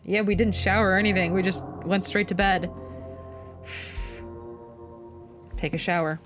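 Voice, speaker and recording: A woman plays through a story game, reading its narration in an even voice of middle pitch. She keeps breaking off into crude jokes, squeals and laughter, and faint music plays behind her. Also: a little slow, long pauses. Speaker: game streamer. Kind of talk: reading a visual novel aloud with reactions.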